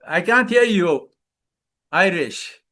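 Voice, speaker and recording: A man coaching a live webinar, loud and playful, calling out repeated commands and leading laughter exercises over a video call. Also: high-pitched, expressive, slow pace. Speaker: wellness coach, webinar speaker.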